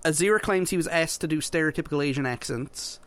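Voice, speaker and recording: A man's voice: on the high side, fast talker, a bit bright. A man co-hosting a podcast in casual chat, often restarting and repeating his words. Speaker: podcast co-host.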